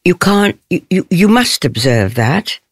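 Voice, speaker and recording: An older stage actress giving an interview. She speaks in a thoughtful, measured way and laughs softly often. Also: lowish voice, sing-song, no echo, clean studio sound.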